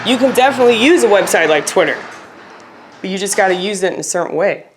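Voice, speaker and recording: A woman's voice: mid-range voice, animated, fast talker, background noise. A woman vlogger talking casually to her viewers, rambling and swearing, with lots of fillers. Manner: rambling, profane, filler-heavy. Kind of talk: casual rambling monologue to camera.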